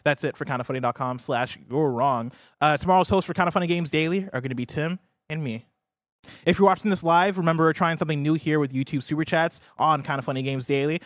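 Man from the US, upbeat podcast host, slightly high voice, dry close-miked sound, laughs easily. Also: dry recording. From United States. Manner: upbeat, laughs easily, trips over words. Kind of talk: casual gaming news chat.

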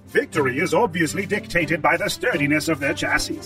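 A man's voice: a little high, a little fast, far from the mic, over music, lightly acted. A man voicing a sardonic mechanoid commentator. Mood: sarcastic. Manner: sarcastic, theatrical.

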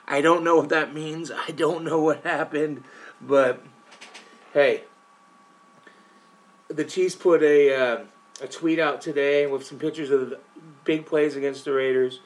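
A man's voice: medium pitch, a bit bright. A man hosting a sports podcast, talking casually and opinionated straight to his listeners, with frequent restarts. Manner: frequent restarts and repeated words. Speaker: podcast host covering a football team. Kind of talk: casual sports talk monologue.

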